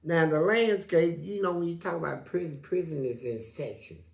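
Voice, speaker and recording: A man's voice: normal speed, creaky, echoey room. A man, a guest in an interview, tells stories in profane street slang and acts out the voices in them. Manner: animated, acts out quotes with big jumps in pitch. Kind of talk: storytelling in an interview.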